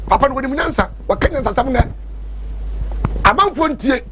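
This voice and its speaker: Man, very high voice, rapid talk-show panelist. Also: lively intonation, bright, forceful tone, slight background noise, low-quality recording. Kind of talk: studio talk show discussion.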